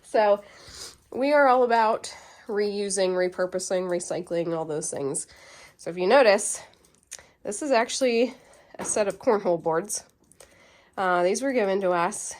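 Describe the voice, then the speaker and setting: A woman's voice: medium pitch, unhurried, darkish tone. Chatty woman vlogging on her farm. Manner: chatty, bubbly, laughs easily. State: slightly out of breath. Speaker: homesteading vlogger. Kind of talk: casual vlog walkthrough. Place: outdoors on a farm, by a chicken coop. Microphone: handheld camera.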